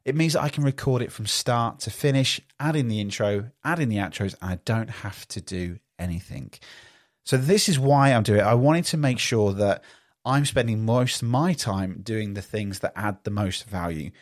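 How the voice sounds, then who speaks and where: A man's voice: fairly low pitch, animated, normal speed, no room sound. A man hosting a solo podcast, talking upbeat and rambling into a studio podcast microphone. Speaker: podcast host.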